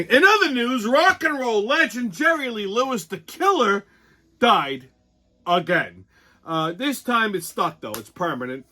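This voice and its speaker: Bright, animated, cursing ranter. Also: male voice, high-pitched. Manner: profane, ranting, sarcastic. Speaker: host. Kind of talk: comedic news rant.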